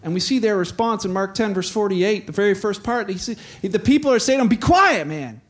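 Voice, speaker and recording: High-voiced man preaching conversationally. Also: fast. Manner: conversational, voices characters in dialogue. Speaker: pastor. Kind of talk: sermon with acted-out scenes.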